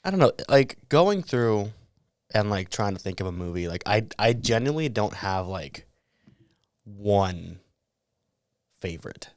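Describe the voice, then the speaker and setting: A young man co-hosts a podcast, chatting in an easygoing way with quick asides. His voice is very low, and the sound is dry and close, with no room echo. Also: lively intonation. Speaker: podcast co-host. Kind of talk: casual chat.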